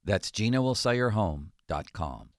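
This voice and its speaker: A man hosting a sports radio talk show, chatting casually with jokes and reading ads in a relaxed, conversational way. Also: on the low side, unhurried, dry recording, studio quality.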